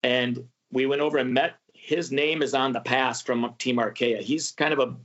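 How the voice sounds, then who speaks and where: A man hosting a travel podcast, telling a story in a casual, animated way and acting out what people said. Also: medium pitch, normal speed. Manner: animated, acts out quoted voices. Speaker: podcast host. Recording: muffled lo-fi audio.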